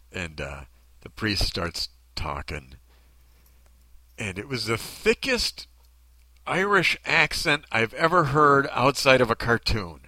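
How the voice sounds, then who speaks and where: Animated man telling a funny story. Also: fairly low pitch, no room sound, rough recording. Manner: rambling, laughing asides, self-interrupting. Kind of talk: comedic storytelling.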